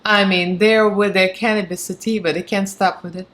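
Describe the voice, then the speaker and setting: A woman's voice: medium pitch, fairly even intonation, normal speed, a bit bright. A woman with a Russian accent giving a chatty, frank and sarcastic product review, laughing often. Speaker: beauty vlogger.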